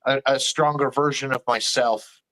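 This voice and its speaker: A man's voice: medium pitch, fairly even intonation, normal speed, bright, forceful tone, poor audio. A man co-hosting a podcast, talking in a casual, reflective way and encouraging his partner with short replies. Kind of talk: casual conversation.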